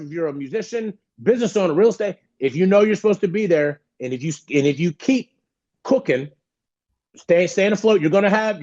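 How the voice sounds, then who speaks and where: Guy telling a story on a podcast, does everybody's voices, kinda high voice, slightly dull audio. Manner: animated, acts out the voices of people he quotes. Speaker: podcast guest. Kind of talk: storytelling in an interview.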